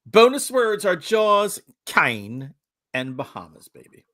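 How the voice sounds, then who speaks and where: A man co-hosting a horror podcast, goofy and animated, reading out rules and laughing at his own jokes. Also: high voice, slow pace, no room sound, studio quality. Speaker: podcast co-host. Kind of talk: casual comedy podcast chat.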